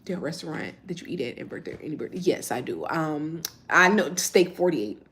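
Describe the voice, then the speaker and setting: A woman's voice: deep voice, animated, moderate pace, a bit bright. A woman, chatting casually on a livestream and answering viewer comments as she rambles. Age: 30s.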